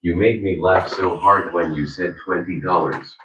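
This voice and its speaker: Deep computer guy voice reading chat, far off and echoey, bit of hiss. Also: moderate pace, muffled recording. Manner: flat, mechanical reading of usernames and chat messages. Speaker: text-to-speech chat reader. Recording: distant, echoey, slightly noisy.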